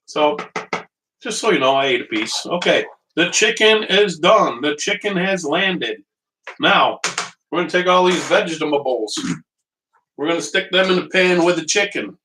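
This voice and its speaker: With a slightly high voice, lively intonation and a moderate pace, this home cooking show host jokes and rambles with his live-stream viewers. He's waiting at a small portable stove in the kitchen, and the distant mic also picks up background noise.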